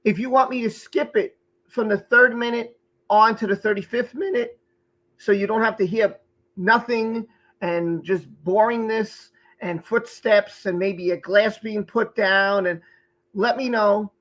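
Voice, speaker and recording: This livestream host is a man with a high, fairly bright voice, speaking at a measured pace with fairly even intonation. The recording sounds muffled. He greets chat viewers by name in a casual way, occasionally stumbling as he reads them out.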